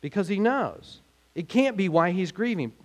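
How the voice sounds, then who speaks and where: A man preaching a sermon in a conversational way, growing animated when he asks questions. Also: sits high, normal speed. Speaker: pastor.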